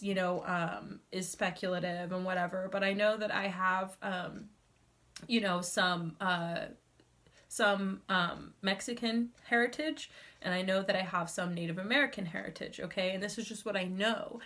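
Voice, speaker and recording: A woman's voice: lowish voice, fairly bright tone. A young woman giving a casual tarot reading, emotional and rambling, full of fillers and restarts. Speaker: tarot reader.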